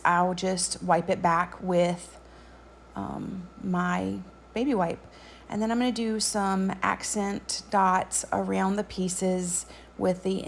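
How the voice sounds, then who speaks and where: Woman, craft tutorial voice-over, chatty, frequent ums, gravelly voice. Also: medium pitch, slight background noise.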